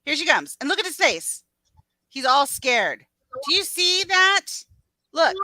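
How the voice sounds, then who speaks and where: Excitable high-voiced woman on a video call. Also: measured pace, no echo, low-quality recording. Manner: excitable, storytelling, swears freely. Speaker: livestream co-host. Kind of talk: casual gossip chat.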